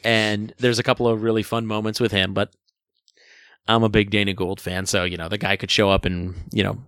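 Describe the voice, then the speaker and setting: A man's voice: lowish voice, flat delivery, brisk, a bit bright, dry recording, clean studio sound. A man hosting a casual film review chat, enthusiastic and full of jokey asides. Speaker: film review podcast host.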